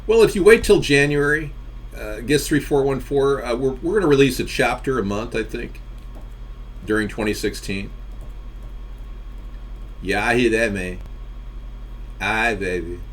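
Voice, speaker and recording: A man's voice: medium pitch, lively intonation, normal speed, pauses often, slight background noise. Rambling, joking male stream host. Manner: rambling, joking, reacting to chat. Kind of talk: casual live-stream chat.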